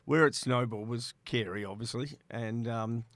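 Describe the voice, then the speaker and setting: A man's voice: mid-range voice, normal speed, no room sound. A middle-aged Australian man, a former player agent, telling stories in a podcast interview and acting out the voices in them. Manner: lively anecdote teller who acts out quoted voices. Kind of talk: animated storytelling in a podcast interview.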